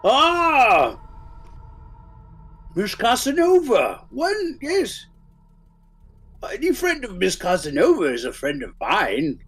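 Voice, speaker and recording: A man voicing a jovial, large bearded professor with a booming, hearty manner. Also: wildly swooping pitch, takes it slowly, long pauses, a bit bright, breathy edge, soft background music, full character voice.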